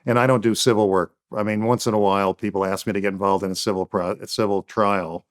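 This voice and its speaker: A man's voice: lowish voice, level tone, quick pace. A man speaking as a guest defense attorney in an interview, making firm points in emphatic, repeated phrases. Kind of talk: interview answers.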